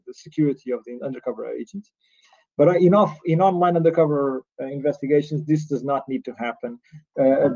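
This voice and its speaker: Portuguese-accented man lecturing, somewhat high voice. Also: mellow. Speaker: lecturer on cybercrime law. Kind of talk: conference lecture. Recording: dull lo-fi recording.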